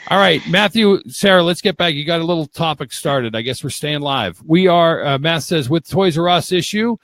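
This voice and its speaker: A man's voice: fairly high pitch, lively intonation, moderate pace, a bit bright. A middle-aged man hosting a casual live talk show over a video call, rambling and joking as he talks over his guests. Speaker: host.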